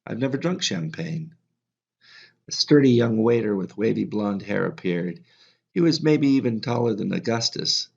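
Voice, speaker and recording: A man reading a novel aloud in a calm, measured way as an audiobook narrator. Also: on the low side, gravelly. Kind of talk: scripted narration. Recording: slightly dull lo-fi audio.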